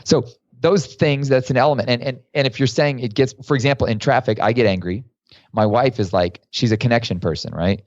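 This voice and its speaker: A man, a guest author and coach, telling stories in a casual, lively way during a podcast interview. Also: medium pitch, fairly quick, no room sound, highs cut off.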